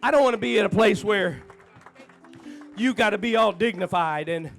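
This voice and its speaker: A man preaching a sermon in a church, trading folksy, chatty asides to the congregation for fervent, shouted refrains. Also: sits high, moderate pace, gravelly, soft background music.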